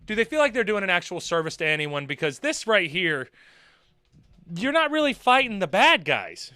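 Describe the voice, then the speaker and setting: A man's voice: high-pitched, big pitch swings, normal speed, pushed and bright, no echo. A man giving sarcastic, laughing commentary on a video he is reacting to.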